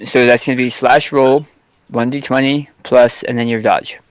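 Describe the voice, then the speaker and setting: A man narrating as game master in a tabletop game, halting and filling pauses with ums. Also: medium pitch, level tone, smooth, no room sound. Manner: hesitant, lots of ums and restarts.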